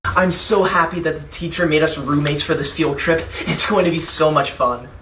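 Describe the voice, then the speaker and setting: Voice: medium pitch, steady tone, normal speed, a bit bright, slight background noise, lightly acted. A performer playing a prissy, self-righteous schoolkid who is always telling on classmates. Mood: indignant. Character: smug tattletale know-it-all schoolkid, teacher's pet. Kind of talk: comedy skit acting.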